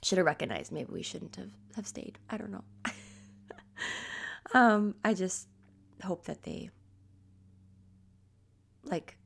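A woman host talks in a loose, rambling way, with plenty of fillers and frequent laughs. Her voice sits a bit low and has a gravelly fry. Her throat sounds scratchy. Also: wildly swooping pitch, takes it slowly, long pauses. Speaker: podcast host. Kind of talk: casual chat.

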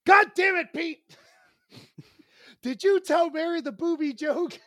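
A man imitating his exasperated sister, scolding loudly with shrill exclamations. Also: slow, no room sound, studio quality.

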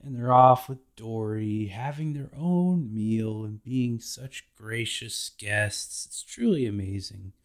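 Man, podcast host, casual recap, laid-back, slangy, slow, low voice.

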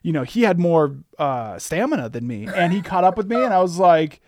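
A man hosting a podcast, chatting casually and telling a story in a relaxed, rambling way with fillers. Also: high-pitched, fairly quick, dry recording, studio quality. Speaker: podcast host.

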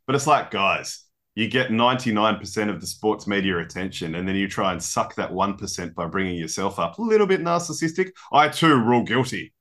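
A man co-hosting a casual sports podcast, chatty and quick to laugh, with mock-legal banter. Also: fairly low pitch, animated, a bit bright. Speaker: podcast co-host.

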